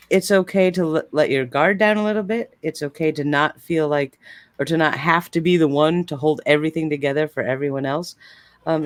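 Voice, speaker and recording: A man reads tarot cards on a live stream, talking in a gentle, reassuring way. His voice sits a little high for a man. The sound is close and dry, with no room around it. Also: no echo. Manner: gentle, reassuring, with frequent fillers. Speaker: tarot card reader.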